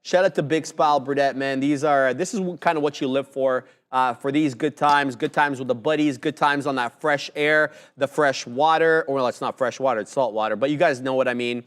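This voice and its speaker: A young man co-hosting a live stream, laid-back and joking, giving enthusiastic shout-outs. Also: medium pitch, brisk, few pauses. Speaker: co-host.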